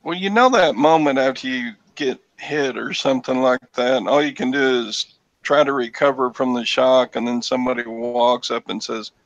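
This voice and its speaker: A man chatting casually in a group, telling a relaxed story. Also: mid-range voice, normal speed, dry recording. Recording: dull, muffled audio.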